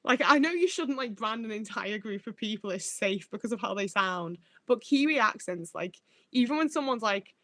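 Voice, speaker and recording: A woman's voice: fairly high pitch, lively intonation, moderate pace, fairly bright tone, no room sound. A woman livestreaming who reads out chat as she goes. She rambles, swears freely and trips over her own words.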